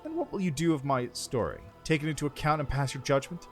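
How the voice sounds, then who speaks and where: A man's voice: fairly high pitch, animated, quick pace, soft background music, close to an everyday voice. Give me a man voicing a defiant elf spy woman, terse and wary. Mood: guarded. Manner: curt, weary, bitter.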